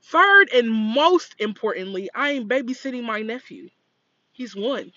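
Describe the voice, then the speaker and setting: A woman co-hosting a podcast, telling a story in casual chat and acting out the yelling in it. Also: on the high side, measured pace, no echo, highs cut off. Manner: animated, acts out quoted yelling. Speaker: podcast co-host.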